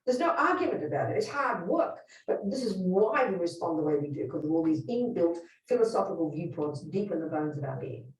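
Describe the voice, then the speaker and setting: In a fairly low, sing-song voice, a Buddhist nun teaches a workshop briskly, barely pausing. Her manner is blunt and emphatic with direct questions to the group, and she's recorded away from the mic in a roomy hall.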